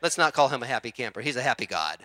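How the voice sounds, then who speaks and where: A man preaching a sermon as pastor, telling a story with acted-out voices and swinging from quiet asides to loud shouts. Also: mid-range voice, big pitch swings, rapid-fire, no room sound.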